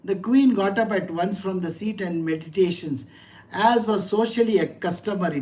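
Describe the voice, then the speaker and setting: A middle-aged teacher explains scripture in an easy, conversational way. The voice sits at a medium pitch. The teacher keeps asking the listeners questions and tells stories from home. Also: normal speed, darkish tone. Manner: conversational, asks listeners rhetorical questions and tells personal anecdotes. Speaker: spiritual teacher. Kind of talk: scripture lecture.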